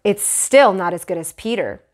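A woman's voice: medium pitch, lively intonation, normal speed, lightly acted. A woman voicing a kindly, playful male dentist who coaxes a small child, reading a storybook aloud. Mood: coaxing. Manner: coaxing, teasing.

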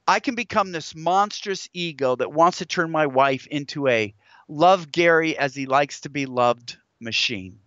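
A man's voice: a little high, a bit bright, no room sound, dull audio. A middle-aged man, an author and guest in an interview, speaking in an earnest, preacherly way and telling stories with quoted scripture. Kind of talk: interview conversation.

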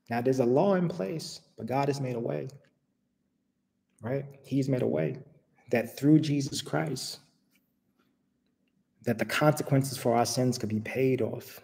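A man's voice: mid-range voice, fairly even intonation, moderate pace, creaky, mellow. A man from the United States giving an informal, conversational sermon full of rhetorical questions. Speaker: preacher. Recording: long reverb.

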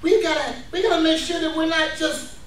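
A high-voiced man preaches with energy, chuckling as he goes and drawing answers from the crowd. He is picked up from a distance in a very echoey room. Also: fairly quick, a little hiss or hum. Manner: energetic, laughing, calls for responses. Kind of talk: lively sermon.

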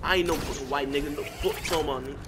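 A man's voice: fairly high pitch, rapid-fire, background noise, voice pushed down, natural voice. A man putting on a swaggering, profane wannabe street gangster as a prank in online game voice chat. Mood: boastful. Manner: swaggering, profane trash talk. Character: tough-talking wannabe street gangster, young man, cocky.

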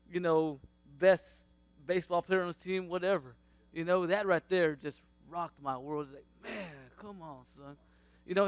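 A man of about thirty, with a fairly high voice and no room sound on the recording, shares a faith testimony about his family. He's casual and animated, laughing a lot and acting out what people said to him.

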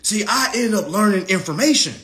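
Taunting, animated man in his thirties. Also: brisk. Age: 30s. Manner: mocking, taunting, profane; swings between loud jeers and low mutters. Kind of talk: roast monologue to camera.

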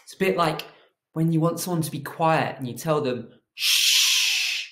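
A man's voice: fairly high pitch, a little fast, echoey room. A man teaching a children's phonics lesson, encouraging and asking them to repeat after him.

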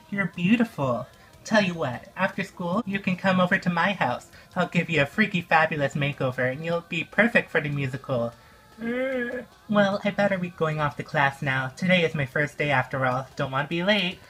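A woman's voice: low voice, fairly bright tone. A woman voicing a kind, confident teenage pop star girl in a doll play, coaxing and upbeat.

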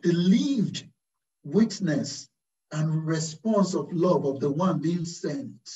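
Slow-speaking priest in a roomy hall. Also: male voice, on the high side, dark tone. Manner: slow, deliberate teaching with rhetorical questions. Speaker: Carmelite priest. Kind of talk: sermon. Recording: distant, roomy, dull-sounding recording.

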